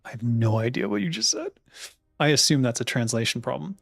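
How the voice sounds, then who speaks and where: A man's voice: medium pitch, very animated, fairly quick, creaky, fairly bright tone, no room sound, faint music behind. A man in his thirties, a streamer chatting casually, rambling and swearing with many laughs while ordering food.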